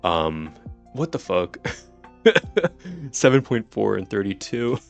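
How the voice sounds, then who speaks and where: Casual streamer, twenties, male, deep and gravelly, giddy, laughs a lot. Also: lively intonation, a little slow, faint music behind. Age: 20s. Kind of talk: casual live-stream chat.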